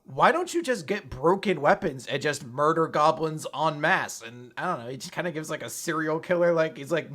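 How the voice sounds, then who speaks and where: Excitable, high-voiced man. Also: normal speed, hardly any pauses. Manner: excitable, sarcastic, swears, raises his voice to make a point. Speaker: co-host. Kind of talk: casual chat.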